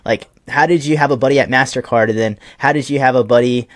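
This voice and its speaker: A man's voice: mid-range voice, quick pace, no echo. Casual male host, dry close sound. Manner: casual, curious questioning. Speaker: podcast host. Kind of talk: interview questions.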